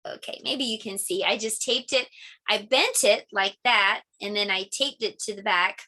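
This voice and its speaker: A middle-aged woman teaching a preschool lesson in a gentle, sing-song voice. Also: mid-range voice, moderate pace.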